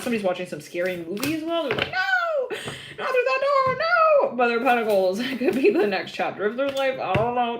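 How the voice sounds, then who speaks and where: A woman's voice: medium pitch, heavy background noise. A woman doing a live tarot reading, chatty and giggly and rambling with many fillers. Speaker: tarot reader.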